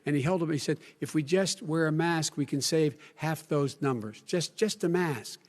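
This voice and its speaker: An older man speaking earnestly in a televised debate, often repeating phrases and dropping to low, emphatic tones. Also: moderate pace. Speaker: presidential candidate. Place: large debate hall. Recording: long hall reverb.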